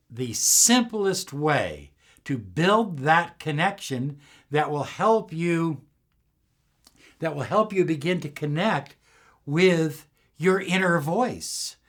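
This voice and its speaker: A middle-aged man giving slow, soothing, emphatic motivational spiritual teaching. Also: on the high side, lively intonation, a bit bright. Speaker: law of attraction teacher.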